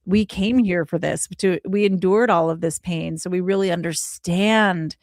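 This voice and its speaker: A woman in her forties shares a heartfelt personal story as a podcast guest, her voice sitting a little low for a woman. She is animated and brings the people in her story to life by acting out their voices. The sound is close and dry. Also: moderate pace, no echo. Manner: animated, acts out quoted voices, laughs often.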